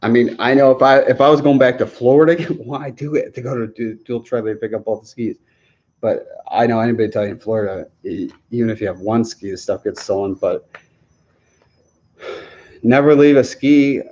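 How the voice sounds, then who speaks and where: A man's voice: mid-range voice, moderate pace, darkish tone. Rambling man on a lo-fi livestream. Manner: rambling, laughing often, restarting sentences. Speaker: livestream host answering viewer questions. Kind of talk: casual livestream Q&A chat.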